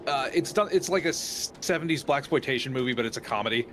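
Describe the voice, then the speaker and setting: A man co-streaming a game, chatting casually, riffing and cracking jokes in an animated way. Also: medium pitch, noisy background. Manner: jokey, animated, quick to riff.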